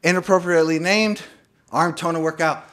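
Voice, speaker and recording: Loud, high-voiced young man straining. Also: moderate pace. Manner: loud, excitable, swearing, groaning from exertion. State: straining and out of breath during exercise. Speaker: co-host of a fitness reaction channel. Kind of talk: hyped casual workout commentary.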